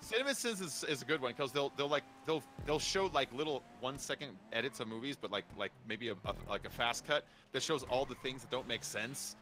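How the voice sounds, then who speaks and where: Rambling bright-voiced male streamer. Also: mid-range voice, expressive, a little fast, few pauses, a little hiss or hum. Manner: rambling, filler-heavy, lots of "like". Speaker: streamer host. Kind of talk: casual gaming stream chat.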